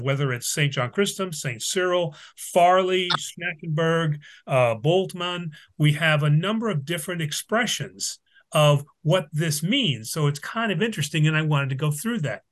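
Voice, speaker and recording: Man, bible lesson, slightly high voice, halting, frequent check-ins. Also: fairly bright tone. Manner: explains with Greek examples. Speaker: Bible study teacher.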